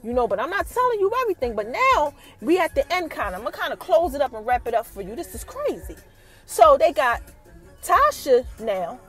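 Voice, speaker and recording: A woman with a high, bright-pitched voice tells a TV episode's story in a slangy, conversational way. She teases each twist with repeated rising questions and keeps the energy animated. Faint music plays underneath. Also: a little fast. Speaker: podcast host. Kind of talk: casual TV episode recap.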